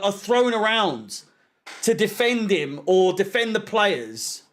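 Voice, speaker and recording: A young man talks over a live football match, venting in a swearing, sarcastic rant. His voice sits high and he takes his time between points. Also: very animated, slow, a bit bright. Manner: frustrated, swearing, sarcastic ranting. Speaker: fan channel co-host. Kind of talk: live match watch-along commentary.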